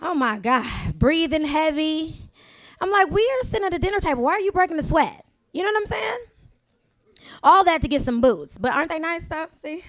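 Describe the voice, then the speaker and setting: A woman's voice: very high voice, expressive, a little fast, fairly bright tone, dry recording. A woman performing a stand-up comedy set on a club stage, talking in a sassy, confiding way to the crowd.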